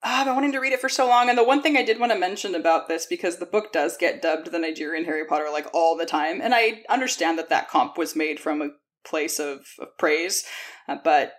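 A woman with a slightly low voice, chatting on a podcast. She tells stories loosely and laughs often. English is her second language. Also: a little fast. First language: not English. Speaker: podcast co-host. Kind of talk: casual chat.

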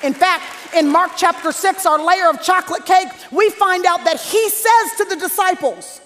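A woman preacher delivering a sermon, swinging from hushed near-whispers to shouted peaks. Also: very high-pitched, a little fast. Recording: reverberant hall with faint crowd.

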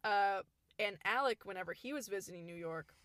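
A woman's voice: medium pitch, brisk, no room sound. A young woman in her twenties co-hosting a casual chat, telling a story and acting out the people in it. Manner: animated, acts out quoted people with laughs. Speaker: podcast co-host.

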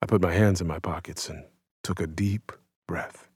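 A man in his thirties from the United States reads his own essay in a low, even voice. His delivery is measured and somber, and the recording is dry and close with no room sound. He narrates with quiet reflection. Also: breathy edge, dry recording. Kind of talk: scripted narration.

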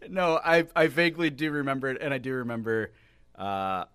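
Deadpan joking man co-host. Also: medium pitch, fairly quick, clear, resonant tone, no room sound. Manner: dry, deadpan jokester. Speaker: podcast co-host. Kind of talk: casual sports chat.

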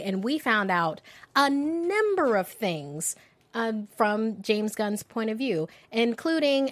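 Animated woman hosting movie news. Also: no echo. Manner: animated, jokey, quick swings in pitch. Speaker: podcast host. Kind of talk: casual chat.

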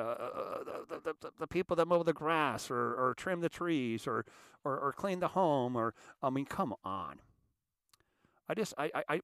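With a medium-pitched, slightly bright voice, this American show host rambles casually through a monologue, often restarting and repeating words. The clean studio recording has no room sound.

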